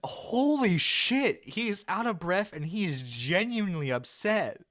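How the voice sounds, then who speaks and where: A man's voice: high-pitched, big pitch swings, moderate pace, fairly bright tone, dry recording, clean studio sound. A man hosting a live stream, reacting to a video with sarcastic, profane commentary and frequent laughter. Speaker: stream host.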